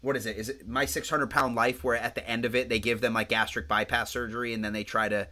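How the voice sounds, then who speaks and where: A man co-hosting a podcast in casual chat, telling stories in a rambling, profane, animated way. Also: medium pitch, fast. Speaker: podcast co-host.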